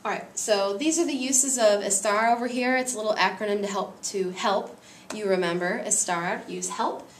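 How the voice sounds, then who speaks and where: A woman's voice: medium pitch, normal speed, echoey room, distant mic, slight background noise. A woman teaching a Spanish grammar lesson, patiently explaining each step.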